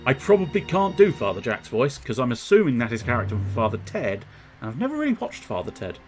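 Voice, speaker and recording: Over game music, a man gives casual live commentary as he streams, joking about the voices he uses for characters. He talks quickly at a medium pitch with huge swings up and down.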